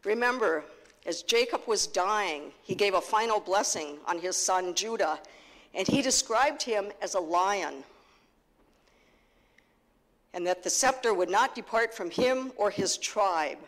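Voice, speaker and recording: Slow, earnest woman preaching in a church. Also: mid-range voice, lively intonation, a bit bright. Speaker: pastor. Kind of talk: sermon. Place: church sanctuary. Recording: long reverb of a church hall.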